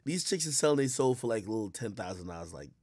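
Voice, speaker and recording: A man's voice: on the low side, sing-song, quick pace, a little mellow, slightly rough, dry recording. A man giving blunt, profane commentary in a rambling, storytelling way while reacting to a clip.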